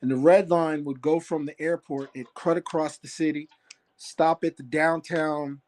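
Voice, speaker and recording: A man with a fairly high voice recounts a memory on a call, rambling, full of fillers and restarts. He talks plainly and casually. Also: fairly even intonation, normal speed, darkish tone. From Phoenix area. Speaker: caller sharing a sighting. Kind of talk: casual storytelling. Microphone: phone on a call.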